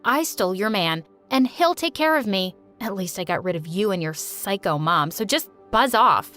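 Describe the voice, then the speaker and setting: A woman's voice: mid-range voice, lively intonation, moderate pace, fairly bright tone, soft background music, voice pushed down, lightly acted. Woman voicing a cold, bitter young bride. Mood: dismissive.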